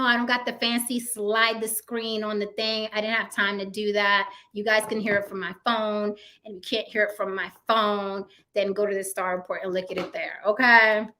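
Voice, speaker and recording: Woman vlogging, blunt and chatty, bright voice a bit high. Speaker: commentary vlogger. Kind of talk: casual spoken commentary.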